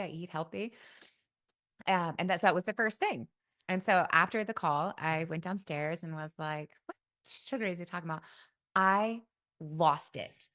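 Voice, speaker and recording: A middle-aged woman hosts a podcast, sharing a personal story in a casual, folksy manner and saying "y'all" often. Her voice is on the low side and a bit bright.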